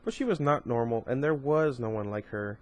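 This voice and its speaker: A man reading a first-person novel aloud, steady but with occasional stumbles and asides. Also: medium pitch, fairly quick, dull audio. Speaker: amateur audiobook reader.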